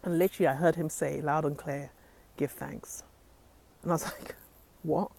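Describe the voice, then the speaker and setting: A woman's voice: low voice, steady tone, fast, gravelly, a little mellow. A woman giving an earnest, faith-driven inspirational talk to her phone camera, often saying "literally". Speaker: motivational vlogger. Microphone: handheld phone camera.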